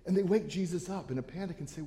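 A man's voice: high voice, fast, warm tone, big-room sound. A pastor preaching a sermon to his church, earnest and given to restarting his phrases. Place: church sanctuary.

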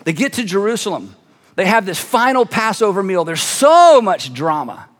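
A man preaching a sermon as pastor, with animated storytelling and conversational asides. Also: high-pitched, normal speed. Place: church sanctuary. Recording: long reverb of a large hall.

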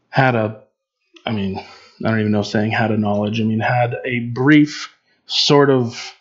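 A man's voice: mid-range voice, lo-fi sound. Man giving casual Bible teaching. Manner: conversational, with fillers and restarts. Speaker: preacher.

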